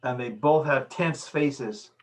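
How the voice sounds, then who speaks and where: A man's voice: mid-range voice, slow. A man lecturing in a recorded video session, emphatic, repeating his key phrases and acting out small examples. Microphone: video call.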